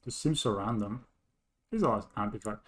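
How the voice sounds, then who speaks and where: A man with a lowish, slightly breathy voice streams a card game at a moderate pace, thinking aloud as he counts plays and mutters to himself. This is live gameplay commentary, and now and then he bursts into excited, laughing disbelief.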